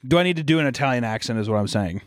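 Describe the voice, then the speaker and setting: A man's voice: mid-range voice, lively intonation, very fast, no room sound, studio quality. A man co-hosting a podcast in casual comedic chat, swearing and laughing often. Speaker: podcast co-host.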